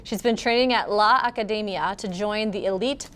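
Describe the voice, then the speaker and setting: A woman, a children's librarian co-hosting a casual chat about books, talking in a relaxed way full of fillers, recorded in a library. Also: mid-range voice, moderate pace, clear, resonant tone. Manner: relaxed, lots of "like" and "you know" fillers. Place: public library.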